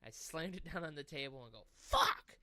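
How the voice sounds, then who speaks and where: Bright, crisp-voiced man telling game stories. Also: fairly high pitch, fast talker, no echo. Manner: animated storytelling with swearing and laughs. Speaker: podcast co-host. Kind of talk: casual gaming chat.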